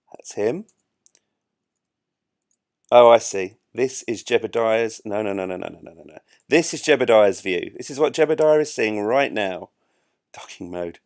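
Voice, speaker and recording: A man's voice: mid-range voice, vocal fry, a little mellow, dry recording, clean studio sound. A man giving chatty, self-mocking live commentary while he plays a space game. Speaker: gameplay streamer.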